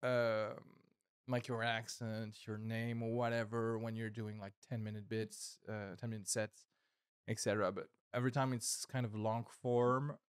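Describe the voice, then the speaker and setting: A man, a comedian, reflecting in a casual podcast chat, measured and filling pauses with "like" and "uh". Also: lowish voice, level tone, clean tone, dry recording, studio quality. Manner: reflective, measured, with many fillers.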